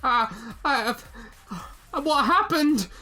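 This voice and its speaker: A jittery little mechanical creature with a squeaky high voice stammers his thanks with deep deference, as a woman acts him out. He sounds earnest and eager to please, tripping over his own words in a fantasy tabletop game. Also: expressive, very slow, pushed and bright, soft background music, exaggerated voice. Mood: grateful. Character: nervous polite little clockwork creature, male.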